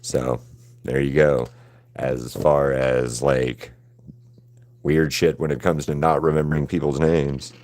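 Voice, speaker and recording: A man with a deep, low voice chats loosely with his viewers during a live painting stream. He rambles, stays laid-back, and swears freely as he goes. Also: flat delivery, slow pace, darkish tone. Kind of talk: casual livestream chat with viewers.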